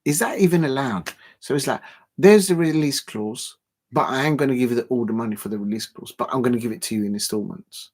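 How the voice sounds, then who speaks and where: With a medium-pitched, darkish-toned voice, a man runs a football livestream, chatting casually in a halting, rambling way and chuckling frequently between fillers.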